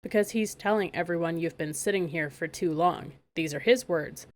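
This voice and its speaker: A woman's voice: lowish voice, moderate pace, close to an everyday voice. A woman reading aloud, voicing a clever, spirited young princess in a storybook.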